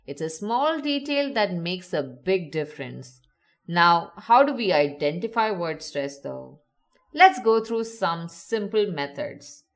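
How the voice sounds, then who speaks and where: A woman giving a scripted educational narration, upbeat and instructive, slowing down to stretch words for emphasis. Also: on the low side. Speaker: teacher.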